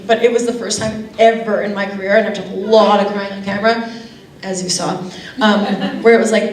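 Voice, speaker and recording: A woman's voice: a little high, a little fast, far from the mic. Chatty woman in an echoey hall. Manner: chatty, laughs often, lively asides. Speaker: actor guest on a fan convention panel. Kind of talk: casual panel chat. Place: convention hall. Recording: echoey hall, picked up from afar.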